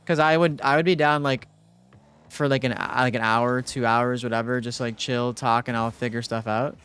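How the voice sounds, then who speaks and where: A young man streaming live, chatting casually with his viewers in a relaxed, rambling way, full of fillers. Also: medium pitch, normal speed, clean tone. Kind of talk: casual livestream chat with viewers.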